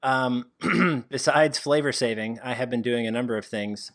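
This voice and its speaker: A man's voice: medium pitch, normal speed, a bit bright. A man co-hosting a casual gaming podcast, joking, self-deprecating and laughing often. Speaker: podcast co-host. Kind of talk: casual chat.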